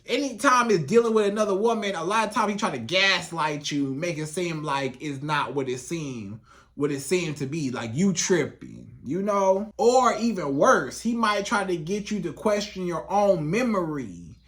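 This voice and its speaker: A man's voice: sits high, lively intonation, normal speed, fairly bright tone. A man working as a relationship coach, talking straight to the viewer in a casual advice monologue, repeating himself for emphasis and acting out quoted lines.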